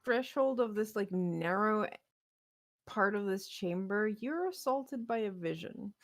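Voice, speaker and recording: A woman's voice: medium pitch, animated, no room sound. Woman narrating as game master. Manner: descriptive, measured scene-setting.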